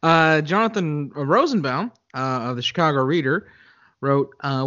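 A man co-hosting a casual movie podcast, talking haltingly with stammers and restarts. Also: fairly high pitch, pushed and bright, dry recording, dull audio. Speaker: podcast co-host.

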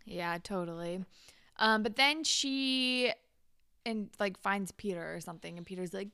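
Bright, gravelly young woman recapping. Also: medium pitch, no room sound, clean studio sound. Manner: retells scenes with quick quoted voices, lots of "like". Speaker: podcast co-host. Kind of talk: casual recap chat.

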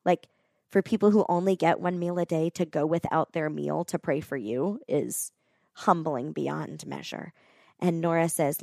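Low, gravelly-voiced woman telling a story. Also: a little slow, no room sound, clean studio sound. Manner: earnest, animated, often says "like". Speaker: guest telling a personal story. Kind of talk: conversational storytelling.

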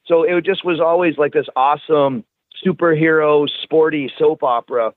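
A man in his forties, rather high for a man, tells stories with lots of swearing and restarts. He comes through a thin line that sounds like a phone, very dry and close. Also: normal speed, no room sound, narrow, tinny audio. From Canada. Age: 40s. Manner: profane, animated, restarts words. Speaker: podcast guest, wrestler. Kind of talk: casual storytelling chat.

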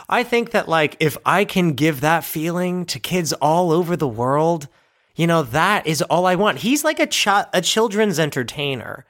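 A man co-hosting a comedy podcast, talking in a loose, rambling way full of "like" and casual swearing. His pitch swings widely as he riffs. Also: fairly bright tone. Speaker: podcast co-host. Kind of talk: casual improvised chat.

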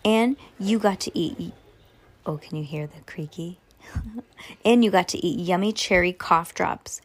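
A woman's voice: lowish voice, unhurried. A woman podcast host reading a children's book aloud in a bedroom, chatty, with offhand asides. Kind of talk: casual read-aloud storytelling. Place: bedroom on a windy day.

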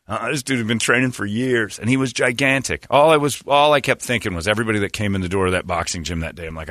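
A man hosting a podcast, telling comic stories in a lively way and acting out the quotes. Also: lowish voice, fast talker, few pauses, no room sound, studio quality. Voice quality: animated, acts out quotes. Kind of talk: comic storytelling chat.

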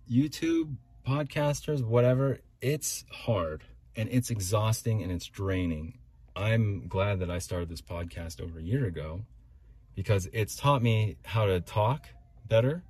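Man, low husky voice, rambling solo podcast talk, restarts a lot. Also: a little mellow. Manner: rambling, restarts, talks himself through complaints. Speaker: podcast host.

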